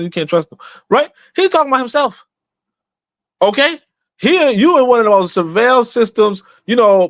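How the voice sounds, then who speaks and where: A man's voice: sits high, fairly bright tone, dry recording. A man hosting a livestream podcast, talking in a casual, emphatic way, repeating himself and asking rhetorical questions. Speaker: podcast host.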